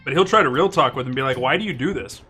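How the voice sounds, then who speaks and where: A man's voice: mid-range voice, animated, racing, pushed and bright, soft background music. A young man chatting casually while gaming, telling a story animatedly, swearing often and laughing mid-sentence. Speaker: co-op gaming channel host.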